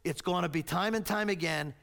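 A man preaching a sermon, telling a story and acting out the shouting voices in it. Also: high voice, brisk. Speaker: pastor.

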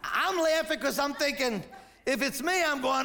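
Gravelly older pastor preaching with fire. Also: male voice, extremely high pitch, normal speed. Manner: animated storytelling, quoting scripture, rising to shouts. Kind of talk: sermon.

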